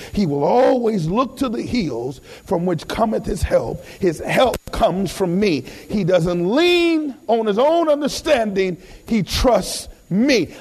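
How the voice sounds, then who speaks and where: Gravelly, high-pitched impassioned male preacher. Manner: impassioned preaching, rising to shouts, calls to the congregation. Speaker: pastor. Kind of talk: sermon.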